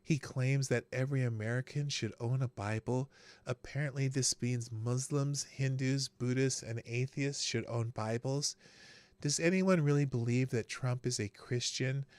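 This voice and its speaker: A man's voice: medium pitch, moderate pace, a little mellow, no echo, pitched below the performer's own voice, close to an everyday voice. A man putting on a whiny mocking pundit voice.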